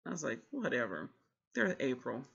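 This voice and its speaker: A husky, gravelly voice tells a rambling, chatty story on a book vlog, slipping into the voices of the people involved. The recording sounds dull and lo-fi, like home video audio. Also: mid-range voice, moderate pace, fairly bright tone. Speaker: book vlogger. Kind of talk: casual book vlog chat.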